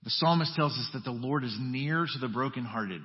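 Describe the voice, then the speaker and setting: A male pastor preaching a sermon in a conversational way, dropping to a hush and then rising to emphatic, urgent lines. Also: mid-range voice, brisk. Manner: conversational preaching with wide swings from hushed to emphatic. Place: church sanctuary. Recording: dull audio with long church reverb.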